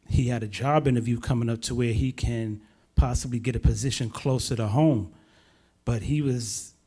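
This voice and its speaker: A man's voice: mid-range voice, mellow. A young man sharing a spoken testimony at church, in casual slangy storytelling that grows emphatic. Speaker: church member giving testimony.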